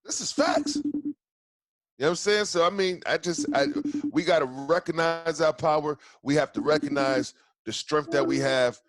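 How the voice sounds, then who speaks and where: A man's voice: fairly high pitch, lively intonation, normal speed, a bit bright, faint music behind. Heated, profane man hosting a podcast. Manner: heated, profane ranting with many restarts. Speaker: podcast host. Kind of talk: casual podcast chat.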